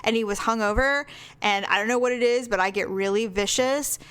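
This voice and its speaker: A woman co-hosting a podcast, telling a bad-date story in a frank, animated way, acting out the dialogue and laughing often. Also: fairly high pitch, brisk, clean tone. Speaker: podcast co-host. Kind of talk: casual storytelling chat.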